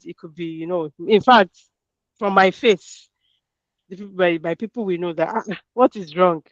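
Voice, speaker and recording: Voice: medium pitch, dry recording. An adult presenter leading an interactive workshop, reading out audience answers and affirming them. The speaker talks conversationally and repeats key words for emphasis. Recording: dull, dry, lo-fi call audio.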